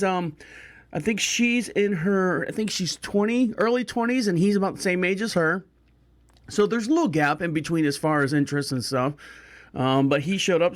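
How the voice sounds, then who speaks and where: A man hosting a podcast, telling a rambling holiday story in a casual, wry way and correcting himself as he goes. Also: fairly high pitch. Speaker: podcast host.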